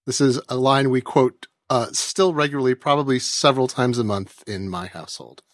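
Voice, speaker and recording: A man's voice: mid-range voice, normal speed, no room sound. Man, 40s, podcast panelist; wry rambling anecdotes, dry close-mic sound. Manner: wry, rambling storyteller with bursts of laughter. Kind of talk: casual podcast chat.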